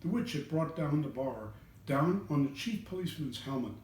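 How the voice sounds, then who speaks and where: A man reading a children's storybook aloud in an expressive voice, changing voices for the characters. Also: fairly high pitch, moderate pace, recorded from a distance. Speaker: reader of children's books. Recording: echoey room, away from the mic.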